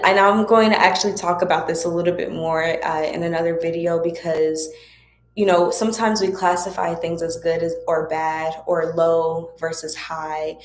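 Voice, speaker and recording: A woman with a low voice talks casually to her viewers, offering spiritual guidance in an encouraging, chatty way. Her voice rings around an echoey room. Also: slight background noise. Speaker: host of a spiritual Q&A livestream.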